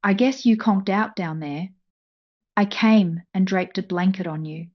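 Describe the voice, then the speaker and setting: A woman voicing a doting husband who teases and reassures in a soft, affectionate way. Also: high voice, a little slow, dull audio. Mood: reassuring.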